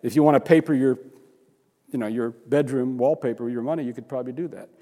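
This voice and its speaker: A man preaching a sermon in a conversational, rambling way, full of restarts and asides, his voice climbing high and animated whenever he acts out what other people say. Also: quick pace. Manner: rises high and animated when acting out quotes. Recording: long hall reverb.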